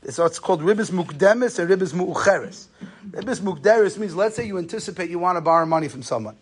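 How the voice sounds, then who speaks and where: Quick, high-voiced man teaching a Torah class. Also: lively intonation, slightly rough. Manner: conversational, storytelling, Yiddish and Hebrew terms. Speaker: rabbi lecturer. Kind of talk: Torah lesson on Jewish law.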